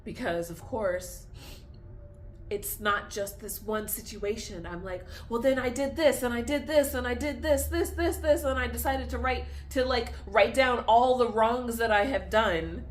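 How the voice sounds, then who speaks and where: Young woman, personal vlog, tearful, laughs through tears, unhurried, slightly high voice. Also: slight background noise. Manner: confessional, laughing through tears, back and forth. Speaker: vlogger.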